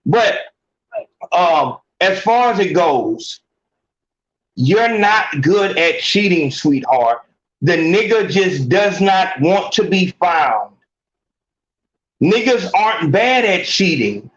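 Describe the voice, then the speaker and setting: A man hosts a call-in podcast with a high voice, cursing freely and repeating himself as he talks. The room sounds echoey, and the recording is dull and muffled. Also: takes it slowly, pauses often, a little hiss or hum. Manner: animated, profane, repeats and restarts often. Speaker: podcast host taking calls. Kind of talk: casual call-in advice talk.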